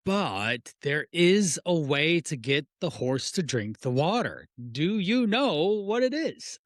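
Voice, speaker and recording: A man's voice: a little high, very animated, slow pace, no room sound, studio quality. A middle-aged man, a fitness and nutrition coach, talking casually on a podcast, rambling through analogies and rhetorical questions. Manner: rambling, restarts phrases, uses analogies and asks rhetorical questions.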